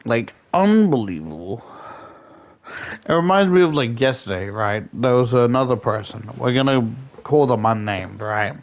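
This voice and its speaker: A man's voice: mid-range voice, expressive, moderate pace, lo-fi sound. A man with a cold and a sore throat, telling ranting anecdotes full of swearing in a casual stream chat. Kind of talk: casual storytelling while gaming.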